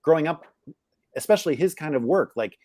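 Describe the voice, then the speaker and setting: A middle-aged man, guest on a live interview, reflects candidly on his upbringing while searching for words, with many restarts and fillers. His voice is fairly high with lively intonation, brisk and darkish, captured in a dry, studio-quality recording.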